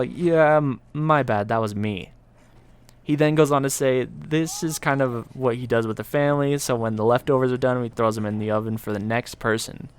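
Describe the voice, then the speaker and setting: A young man tells a story for his vlog in a loose, casual way. His pitch sits in the middle, and he swears freely as he talks. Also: slight background noise. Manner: casual, profane, laid-back storytelling. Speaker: YouTuber.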